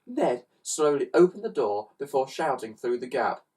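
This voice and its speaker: A man reading a children's story aloud with expressive, animated narration, recorded on a slightly distant mic. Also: mid-range voice, moderate pace, slightly rough. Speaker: storybook reader.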